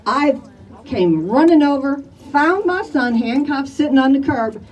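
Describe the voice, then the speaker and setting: A woman's voice: high-pitched, animated, measured pace, a little mellow, far from the mic, muffled recording. An older woman from Chicago, speaking emphatically to a crowd at an outdoor community rally. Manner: emphatic, rallies the crowd with "all right?". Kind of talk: impassioned public testimony.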